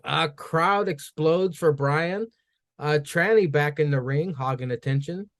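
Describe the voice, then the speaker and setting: A man hosting a comedy podcast, briskly recapping wrestling segments with wry, profane asides. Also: on the high side, fairly bright tone. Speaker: podcast host. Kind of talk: casual show recap.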